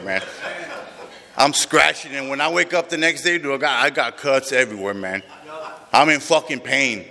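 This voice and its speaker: A man's voice: medium pitch, bright, forceful tone. A man sharing his recovery story with a group, raw and emotional, swearing often, heard in a large room. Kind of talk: personal recovery testimony to a group. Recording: long reverb of a large hall.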